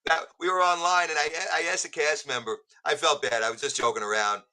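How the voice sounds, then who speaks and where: A man's voice: a little high, lively intonation, fast talker, sharp tone, poor audio. A man, a musician guest on a podcast, telling jokey stories in casual chat. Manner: joking storyteller.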